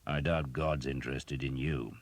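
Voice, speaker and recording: A man voicing a scarred knight in his thirties with a deep, harsh voice, growling and sour. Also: fairly even intonation, normal speed, dry recording. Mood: gruff.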